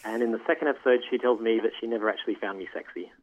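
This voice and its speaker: A man's voice: lowish voice, fairly even intonation, rapid-fire. An Australian man calling in to a podcast, speaking in an articulate, matter-of-fact way. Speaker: caller, podcast host. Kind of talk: casual call-in chat. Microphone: phone call. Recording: tinny phone line.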